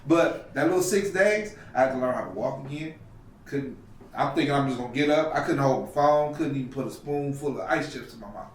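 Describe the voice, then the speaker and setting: A man's voice: mid-range voice, fairly quick, far from the mic, a little hiss or hum. A man telling a personal story on a podcast, acting out the voices of the people in it. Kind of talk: storytelling in casual talk. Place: podcast studio. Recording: roomy echo from off mic.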